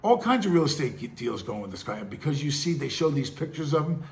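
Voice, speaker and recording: A man's voice: a little high, very animated, fast talker. A middle-aged man, hosting his own show with casual, rambling commentary full of restarts and acted-out quotes. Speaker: podcast host.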